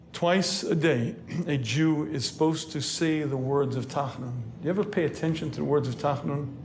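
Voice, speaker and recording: A rabbi delivers a sermon, a man with a somewhat high voice speaking in an earnest, lecturing way. He clears his throat often between phrases. Faint noise sits under the recording. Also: darkish tone.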